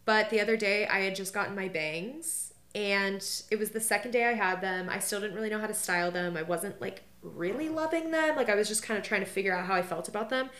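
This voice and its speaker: A woman's voice: mid-range voice, a little fast, hardly any pauses, a bit bright, echoey room. A young woman co-hosting a podcast, telling stories in casual chat with lots of "like" fillers. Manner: rambling storytelling, heavy filler "like". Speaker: podcast co-host.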